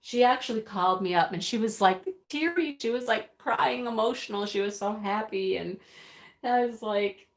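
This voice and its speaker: A woman's voice: medium pitch, normal speed. A woman hosting a casual live stream, chatting, laughing often and reading out viewer comments. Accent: American. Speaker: livestream host. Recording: roomy echo.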